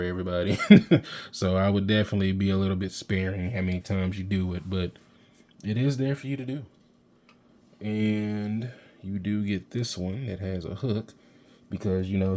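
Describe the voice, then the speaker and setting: A man reviewing an action figure in excited, rambling casual talk, geeking out. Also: low-pitched. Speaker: toy reviewer. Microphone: handheld camera mic.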